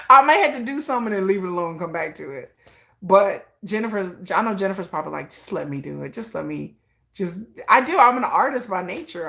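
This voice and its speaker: A woman's voice: medium pitch, a bit bright. A middle-aged woman hosting a livestream in a casual, self-mocking chat, laughing often and talking straight to her viewers. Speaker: livestream host.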